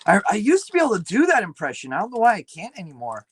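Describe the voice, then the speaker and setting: A tired man talking through a late-night PC build on stream, his voice sitting a bit high. He mutters and swears as he works and drifts into loose, self-deprecating chatter. Faint hiss behind him. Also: wildly swooping pitch, racing, poor audio. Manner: swears freely, mutters to himself while working. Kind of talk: casual livestream chat while building a PC.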